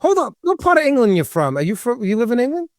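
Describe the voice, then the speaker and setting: A man with a Long Island New York accent and a loud, distinctive voice, joking and chatting as a podcast host. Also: very high voice, quick pace, no room sound, clean studio sound. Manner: animated, joking, talkative. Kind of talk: casual podcast chat.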